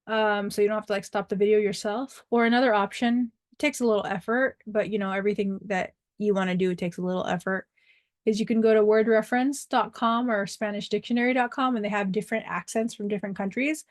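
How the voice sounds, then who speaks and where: A woman's voice: mid-range voice, steady tone, fast, no echo, studio quality. A woman teaching a Spanish lesson over a video call, reading words and their English meanings, with chatty asides. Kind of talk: online language lesson. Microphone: computer mic on a video call.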